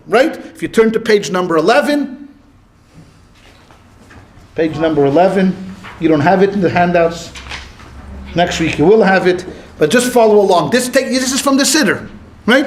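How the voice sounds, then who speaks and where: A rabbi leads a class in a high, bright voice. He keeps asking the room questions and answering them himself, and he mixes in anecdotes with quoted lines. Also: animated, moderate pace. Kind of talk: classroom lecture with questions to the audience.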